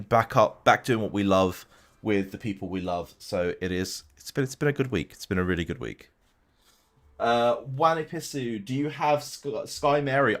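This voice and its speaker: A young man chatting casually on a live stream from his room at home, answering viewers' questions with frequent restarts. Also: on the low side. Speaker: game streamer.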